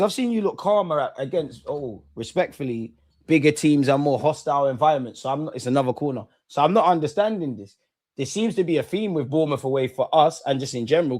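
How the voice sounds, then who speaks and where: Excitable man reacting to a match. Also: a little high. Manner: excitable, swears at the referee, urges calm. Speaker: football fan watch-along host. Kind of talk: live match reaction commentary.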